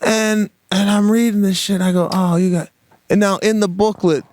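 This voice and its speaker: A man's voice: sits high, moderate pace, no room sound. Dry-sounding male co-host telling stories. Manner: animated storytelling, swearing, mock-exasperated. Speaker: podcast co-host. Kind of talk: casual comedic chat.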